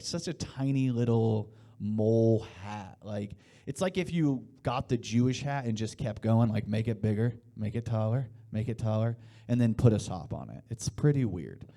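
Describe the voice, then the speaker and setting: A man in his late thirties from Indiana works a live stand-up set in a loose, rambling way, chatting with the crowd and laughing at his own jokes. His voice sits at an ordinary middle pitch for a man, neither high nor low. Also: mellow. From Indiana, USA. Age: 30s. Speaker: stand-up comedian. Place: live comedy show before an audience.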